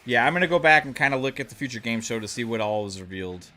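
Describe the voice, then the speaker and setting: A man's voice: medium pitch, lively intonation, very fast, bright, forceful tone, faint music behind. A man chatting casually on a live stream, rambling with lots of fillers and swearing freely. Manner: rambling, many fillers, profane.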